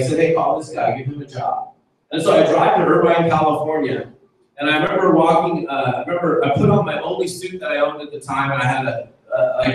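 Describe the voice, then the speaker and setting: A man giving a live motivational talk to an audience, telling joking stories with energy. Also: mid-range voice. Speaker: motivational speaker. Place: event room with an audience. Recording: echoey hall from far off, faint noise.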